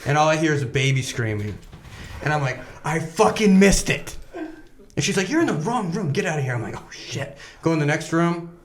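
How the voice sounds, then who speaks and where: Guy cussing his way through a wild story, kinda high voice, roomy echo. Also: quick pace, slight background noise. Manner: swears a lot, animated anecdotes, laughs while telling. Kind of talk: casual storytelling chat. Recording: echoey room.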